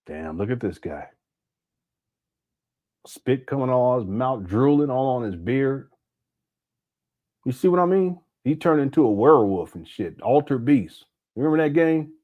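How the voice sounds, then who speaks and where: A man's voice: mid-range voice, animated, unhurried, pauses often, phone-quality sound. A man hosting a casual live commentary stream, mocking a clip he is reacting to and laughing often. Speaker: commentary channel host.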